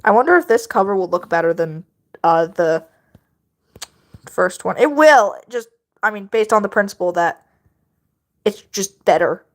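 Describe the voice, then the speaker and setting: A woman's voice: medium pitch, animated, moderate pace, long pauses. A woman livestreaming while she draws, chatting casually and rambling to her viewers, often laughing.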